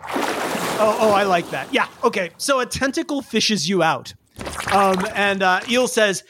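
A game master narrating a tabletop game in a chatty, animated way. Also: mid-range voice, a little slow, background noise.

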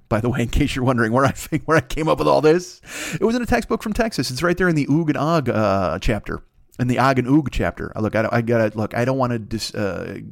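A man's voice: no room sound, studio quality. A man hosting a comedy podcast, rambling through a profane comic riff and jumping into character voices. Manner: rambling, heavy swearing, acts out characters with jumps in pitch. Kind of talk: profane comic riffing monologue.

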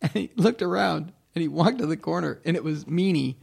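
A man's voice: on the high side, lively intonation, a little fast, vocal fry, darkish tone, husky. A man chatting casually on a comedy podcast, telling rambling anecdotes and laughing often.

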